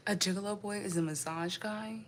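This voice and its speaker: A woman's voice: mid-range voice, steady tone, a little fast, slight background noise. A woman raised in the United States chats casually on a live stream. She answers viewer comments one by one and laughs often. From United States (raised in Indianapolis).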